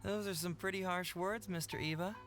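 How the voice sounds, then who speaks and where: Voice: mid-range voice, fairly even intonation, a little fast, natural voice. A voice actor playing a cunning, teasing young male detective in a video game. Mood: coaxing. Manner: sly, playful, persuasive. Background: game music.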